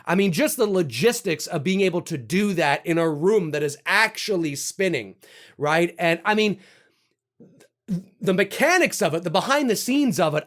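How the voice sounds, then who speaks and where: A man hosting a casual video, talking animatedly and swearing freely as he ranks favorite horror kills and acts out lines with loud outbursts. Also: a little high. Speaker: YouTube host ranking horror kills. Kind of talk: casual excited monologue.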